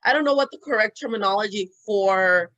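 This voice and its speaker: A woman's voice: mid-range voice, a little fast, fairly bright tone, lo-fi sound. A woman in a casual interview, giving thoughtful, hedged opinions with frequent ums and restarts.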